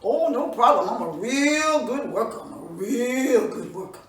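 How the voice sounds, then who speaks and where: A woman voicing a sly, hungry male rabbit trickster in a folk tale, with folksy drawn-out exclamations. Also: fairly high pitch, lively intonation. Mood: wheedling. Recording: roomy echo from a distance, faint room noise.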